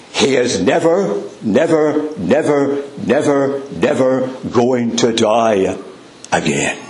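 A man preaching a sermon in a church, with dramatic pauses and a voice that drops low on repeated refrains. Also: a little mellow, slight background noise. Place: church hall. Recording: echoey church sound.

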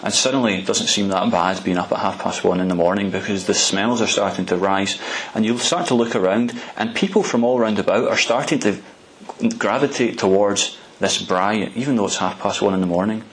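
A man's voice: on the low side, fairly quick, slight background noise, rough recording. Man preaching a storytelling sermon. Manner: conversational, frequent restarts and repeated words.

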